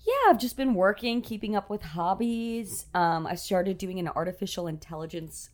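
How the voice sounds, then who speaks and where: A woman's voice: mid-range voice, animated, normal speed. A woman co-hosting a podcast in casual chat, talkative with frequent fillers and laughs. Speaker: podcast co-host. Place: at home in Los Angeles.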